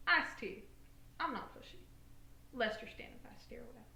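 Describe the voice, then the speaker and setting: A woman's voice: a little high, lively intonation, normal speed, creaky, pushed and bright, echoey room, a little hiss or hum, full character voice. A woman playing a brash, unrepentant female ex-con who showers everyone with flirty pet names in a comedy web drama. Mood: sassy. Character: brassy middle-aged female ex-con, sassy and unrepentant.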